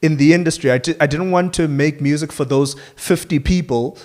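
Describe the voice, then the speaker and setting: South African man, halting casual chat. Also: fairly high pitch, darkish tone. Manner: halting, repeats words, many "you know"s. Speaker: co-host, musician.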